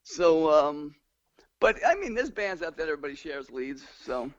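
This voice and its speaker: A man's voice: on the high side, normal speed, dry recording. An older man from New York with a Long Island accent, telling stories as a musician guest in a casual interview and humming tunes as he goes. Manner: animated, sings and hums tunes mid-story. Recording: dull lo-fi dry sound.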